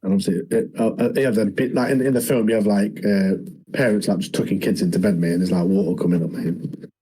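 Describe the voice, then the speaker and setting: Mellow, husky man, rambling chat. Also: lowish voice, steady tone, quick pace, low-quality recording. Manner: rambling, says "mate" constantly. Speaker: podcast co-host. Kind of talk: casual chat.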